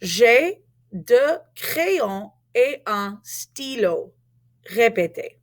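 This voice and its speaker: A woman teaching French in a recorded lesson, modeling words clearly and asking learners to repeat after her. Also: mid-range voice.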